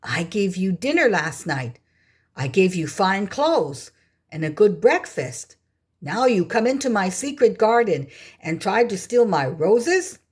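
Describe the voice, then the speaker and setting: Brief: woman playing an angry storybook beast, loud and menacing, husky, unhurried. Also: medium pitch, sing-song. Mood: furious. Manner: loud, threatening. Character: angry monstrous male beast.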